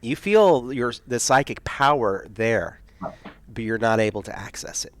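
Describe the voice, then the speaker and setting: Man, game master, tabletop narration, rambling, halting. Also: medium pitch, expressive. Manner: rambling, searching for words.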